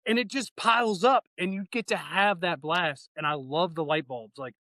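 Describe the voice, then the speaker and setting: Here a man in his thirties, working as a fire training instructor, talks casually and eagerly as a podcast guest, slipping into slang and acting out conversations. He has a high voice with a sharp tone at normal speed. The sound is dry, with no room sound, and the recording is rough.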